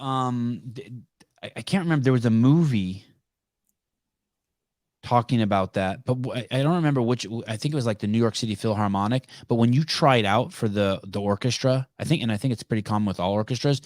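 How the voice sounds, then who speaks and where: A man's voice: medium pitch, a little fast, darkish tone, no echo, studio quality. A man hosting a podcast in casual chat, blunt and swearing freely. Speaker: podcast host.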